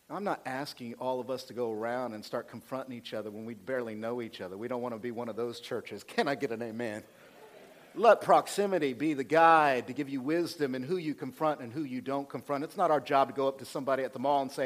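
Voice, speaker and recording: A male pastor preaching a sermon, calling for amens and swinging from hushed, slow points to rising fervor. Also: medium pitch.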